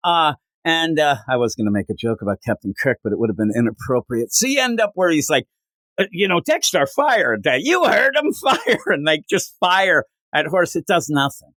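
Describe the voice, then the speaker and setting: A man's voice: fairly high pitch, a little fast, dry recording. A man co-hosting a casual comic book podcast, recapping issues and acting out the characters' lines as he goes. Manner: animated, acts out characters' lines while recapping. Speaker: podcast co-host.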